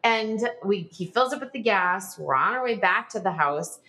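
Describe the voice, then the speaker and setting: A woman in her forties, a guest on a podcast, tells her story in a loose, chatty way. Her pitch swings up and down a lot, and she fills her phrases with "like" and small nervous laughs. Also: expressive, moderate pace, pushed and bright. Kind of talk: personal storytelling in a podcast interview.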